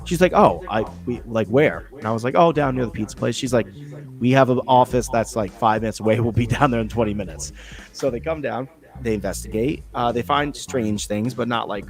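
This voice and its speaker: Profane rambling storyteller, lowish male voice. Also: brisk, soft background music. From New England. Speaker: podcast co-host. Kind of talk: casual storytelling chat.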